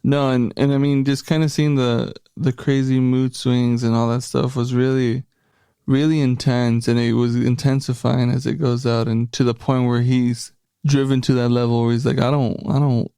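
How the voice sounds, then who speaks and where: A man's voice: mid-range voice, normal speed, clean tone, dry recording, studio quality. A man co-hosting a podcast, talking casually and loosely about a movie, with many fillers. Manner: relaxed, many fillers and agreements. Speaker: podcast co-host. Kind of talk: casual movie review chat.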